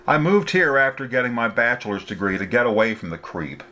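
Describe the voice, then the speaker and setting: A man reading a story, voicing a playful, quick-witted young woman who is a runaway heiress. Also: mid-range voice, big pitch swings, sharp tone.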